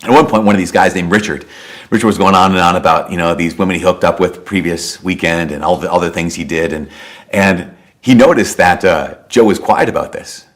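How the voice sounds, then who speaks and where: A man's voice: sits low, a little fast. A man, a priest, giving a sermon in a conversational storytelling way, with repeated rhetorical questions.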